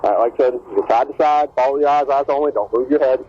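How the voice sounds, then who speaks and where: A man working as a sheriff's deputy at a roadside stop, speaking calmly and patiently but hesitantly, often repeating himself. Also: mid-range voice, quick pace. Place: roadside at night, outdoors. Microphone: body-worn camera. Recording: dull bodycam audio with road noise.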